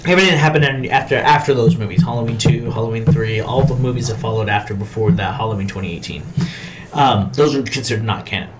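A man co-hosting a podcast, talking casually about horror movies, swearing a lot and acting out scenes with sudden shouts. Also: mid-range voice, fast talker, music in the background. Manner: profane, animated storytelling with acted-out shouts. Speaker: podcast co-host.

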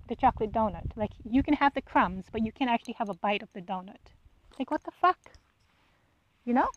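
A woman's voice: a little high, no room sound, lo-fi sound. A woman hosting a solo podcast, talking bluntly and with exasperation, swearing freely and firing off rhetorical questions. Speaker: podcast host. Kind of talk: casual solo monologue.

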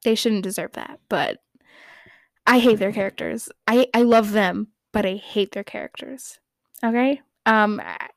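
A woman's voice: mid-range voice, no echo. A woman hosting a podcast in casual fan recap chat, rambling, giggly and playfully opinionated. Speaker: podcast host.

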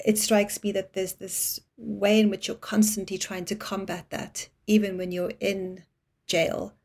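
A woman hosting an interview, speaking in a measured, thoughtful way and building long reflective questions for her guest. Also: mid-range voice, little pitch movement, a little mellow, slightly rough. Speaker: podcast host interviewing a guest.

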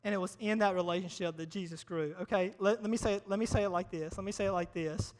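A man preaching a casual, humorous sermon to a live audience, energetic and chatty, repeating phrases for emphasis. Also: high-pitched, quick pace. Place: large hall before a live audience. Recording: long hall reverb.

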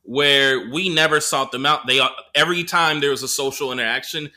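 Male comedian co-host, lively storyteller, swears freely, fairly high, very bright voice. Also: a little fast. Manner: animated storyteller, profane, laughing often. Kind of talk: casual podcast chat.

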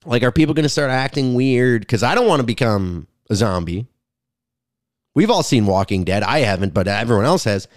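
A man's voice: mid-range voice, expressive, fairly quick, no echo, studio quality. A comedian rambling crudely through a casual podcast monologue, recorded in his garage. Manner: rambling, crude, self-interrupting. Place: home garage.

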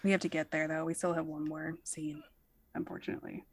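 A woman co-hosting a podcast in casual chat, animated and swearing, often acting out lines in quotes. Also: low voice, fast, over a noisy crowd. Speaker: podcast co-host.

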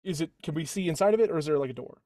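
Man, tabletop player, casual, joking, slightly high pitch. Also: lively intonation, very fast, warm tone, no echo, studio quality. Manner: joking, questioning. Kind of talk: casual tabletop game chat.

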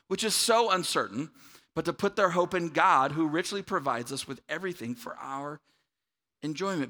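A man, a pastor giving a conversational sermon to a church audience, often checking in with "right?". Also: a little high. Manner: conversational, animated, asks the room "right?".

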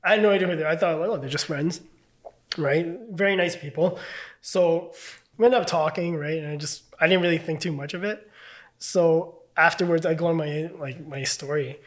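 A man's voice: a little high, steady tone, moderate pace. A man casually telling a story as a podcast guest, loose and chatty, full of fillers and swearing.

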